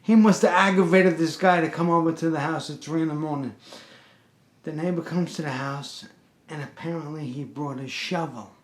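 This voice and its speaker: A man's voice: on the high side, steady tone, normal speed, roomy sound. A man, a pest control worker telling a story in a blunt, streetwise way, straight to the listener. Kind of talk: casual storytelling.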